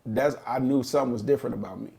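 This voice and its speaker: Over the din of a loud crowd, a middle-aged man co-hosting a podcast tells a story in rapid-fire fashion. His voice is gravelly and creaky at a middle pitch, and during this casual chat he looks back on his past with earnest thoughtfulness.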